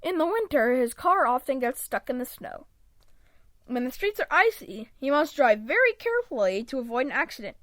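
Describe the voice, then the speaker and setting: A woman reading a children's picture book aloud in an expressive read-aloud manner, close to a home microphone. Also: high-pitched, normal speed, no echo. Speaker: storybook reader.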